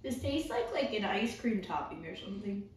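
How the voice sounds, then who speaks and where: A woman's voice: mid-range voice, lively intonation, normal speed. A woman co-hosting a casual snack taste-test, upbeat and chatty, exclaiming at the flavors. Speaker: co-host of a snack tasting video. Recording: very echoey room, mic far off, faint noise.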